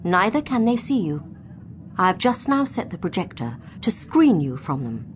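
A woman's voice: on the high side, expressive, normal speed, a little hiss or hum, lightly acted. A woman voicing a scheming male villain who speaks in a gloating, sneering way.

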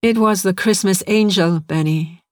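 Rich: An eerily calm woman as cold as death, read by a male storyteller, speaking in a flat way that holds no warmth. The sound is dry and close, like an audiobook. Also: sits high, measured pace, dry recording. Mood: eerie.

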